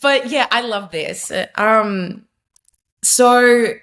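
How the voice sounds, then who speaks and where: A woman's voice: on the high side, very slow, a bit bright. Earnest young woman sharing testimony. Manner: earnest, emphatic, many fillers and restarts. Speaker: podcast guest. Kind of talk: candid testimony in conversation.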